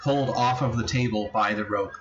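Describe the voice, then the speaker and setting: A man running a tabletop game as game master, pausing and restarting as he works things out. The recording sounds dull and low-fidelity, with a faint hiss behind him. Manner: thinking aloud, hesitant restarts.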